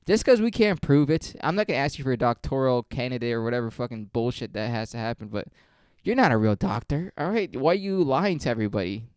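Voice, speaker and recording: A man hosting a podcast, telling stories in a rambling, profane, deadpan way on a close mic. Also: mid-range voice, fast talker, clear, resonant tone, no room sound. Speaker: podcast host. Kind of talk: casual storytelling.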